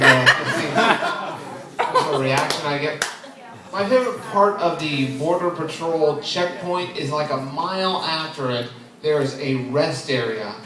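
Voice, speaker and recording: A man in his twenties performing an open mic stand-up set, deadpan and self-deprecating, chuckling at his own jokes. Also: on the high side, distant mic. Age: 20s. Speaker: stand-up comedian. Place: comedy club stage. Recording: echoey club heard from afar, crowd noise. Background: audience laughing.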